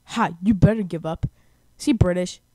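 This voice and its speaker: A young woman hosting a gaming channel, giving excitable let's-play commentary with bursts of repeated words. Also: lowish voice, moderate pace, dry recording, studio quality.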